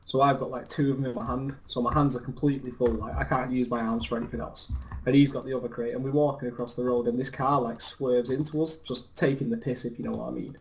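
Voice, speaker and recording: A man's voice: medium pitch, little pitch movement, quick pace, slight background noise. A young English man chatting over a game, telling stories in a laddish, boastful, swearing way. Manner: laddish, boastful storytelling with laughs. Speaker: co-host. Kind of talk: casual chat over gameplay.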